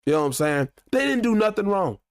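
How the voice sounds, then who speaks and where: A man with a slightly high-pitched voice hosts his own commentary show. He rants in a heated, animated, profane way. The sound is dry and close, with no room in it. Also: quick pace, clear, resonant tone, dry recording. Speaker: show host. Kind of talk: ranting commentary.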